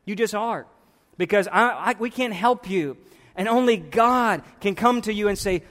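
A man preaching a sermon as pastor of his church, impassioned, swinging between hushed and loud. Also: high-pitched, moderate pace. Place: church sanctuary. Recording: long reverb in a large church hall.

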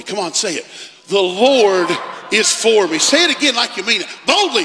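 Male preacher, high and bright, booming then hushed; stage mic in a large echoing sanctuary. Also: sing-song, normal speed, noisy background. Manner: preaching with big swings from loud declarations to hushed tones. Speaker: pastor. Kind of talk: sermon. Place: church sanctuary. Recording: long reverb of a large hall.

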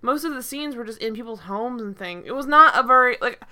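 A slightly high, pushed and bright voice belongs to a woman co-hosting a podcast, talking a little fast. She rambles casually about a TV episode, saying "like" constantly and restarting her sentences often.

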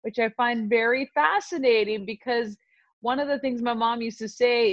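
A woman co-hosting a podcast in casual chat, animated and quick to laugh. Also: fairly high pitch, no echo, dull audio. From South Asian community. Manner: animated, laughs easily, emotional. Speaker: podcast co-host.

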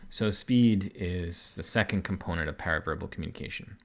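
Male podcast host, deep voice, easygoing explainer with filler words. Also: a little fast. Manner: relaxed, explanatory, many fillers. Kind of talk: casual explanatory podcast talk.

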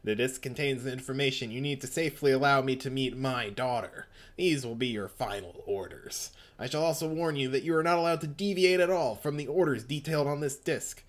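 A man voicing a cold, secretive male gang boss who reads out formal orders in a measured way. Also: mid-range voice, lightly acted. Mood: commanding.

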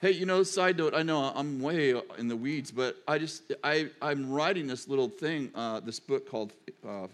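A man's voice: mid-range voice, normal speed, hardly any pauses. An older man, a pastor and grandfather, preaching a sermon in a chatty, digressive storytelling manner.

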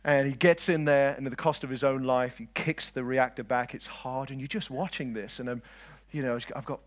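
A man preaching a lively sermon, swinging between loud declarations and quiet asides and joking with his listeners. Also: medium pitch, fairly quick. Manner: jokes with the audience.

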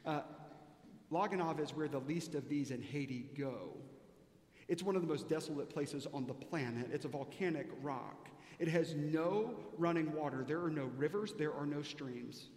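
A male pastor preaching a sermon, telling a story emphatically with pauses and fillers. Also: a little high, darkish tone. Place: large church sanctuary. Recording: echoey church hall with long reverb.

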